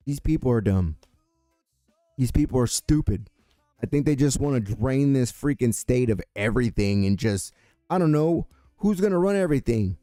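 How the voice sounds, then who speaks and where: At medium pitch and normal speed, the Californian political show host rants in a heated, profane way, his intonation lively and his tone mellow. The clean studio recording has no room sound.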